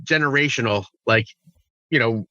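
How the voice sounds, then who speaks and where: A man's voice: medium pitch, moderate pace, sharp tone, dry recording, muffled recording. A man co-hosting a podcast in a casual chat, cracking crude jokes. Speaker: podcast co-host.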